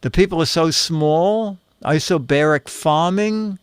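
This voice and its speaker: A man with a slightly high, smooth, clear voice reads captions at a slow, easy pace. He delivers dry little jokes one after another. The sound is dry and close, with no room echo. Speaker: show host reading photo captions. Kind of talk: casual comedic chat.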